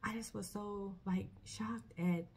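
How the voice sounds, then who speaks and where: A woman talking casually to camera about her faith. She speaks earnestly and haltingly, starting sentences over often. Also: medium pitch, steady tone, slightly rough. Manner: earnest, halting, soft-spoken with many restarts. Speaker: vlogger. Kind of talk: personal faith testimony, casual talk.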